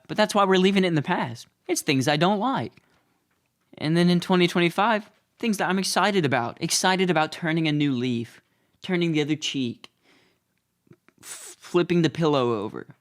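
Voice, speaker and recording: A young man hosting his own show, talking in a casual, rambling, self-deprecating comedic monologue. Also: mid-range voice. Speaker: host.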